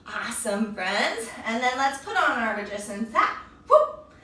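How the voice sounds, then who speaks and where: A woman leads a children's yoga class in a playful, sing-song voice that is high and bright. She sounds full of encouragement. She is heard from some way off in a very echoey room. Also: big pitch swings, moderate pace, far from the mic. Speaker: kids yoga teacher.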